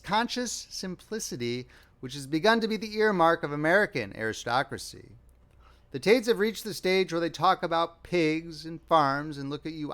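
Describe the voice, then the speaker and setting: A man narrating a classic short story as an audiobook reader, with a wry, expressive delivery. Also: fairly high pitch. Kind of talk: scripted narration.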